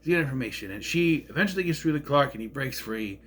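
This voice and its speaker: A man's voice: medium pitch, lively intonation, quick pace, fairly bright tone. A man casually recapping an episode, rambling and sarcastic, getting indignant over plot holes. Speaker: show reviewer.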